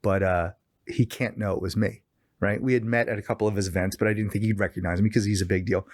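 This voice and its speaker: A man's voice: lowish voice, fast talker, no echo, studio quality. A middle-aged man as a podcast guest, telling a story in casual chat and acting out quoted lines in a raised voice. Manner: animated storyteller, acts out quoted dialogue with raised voice.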